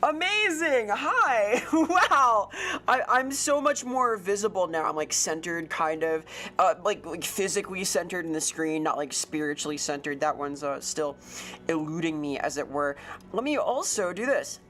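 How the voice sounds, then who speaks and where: A bubbly woman streamer chatting with her viewers, her voice sitting a little low but jumping up brightly on each greeting. She trades puns and playful asides. Soft music plays faintly behind her. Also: lively intonation, normal speed. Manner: bubbly, punny, swoops up on greetings. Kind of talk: casual livestream chat.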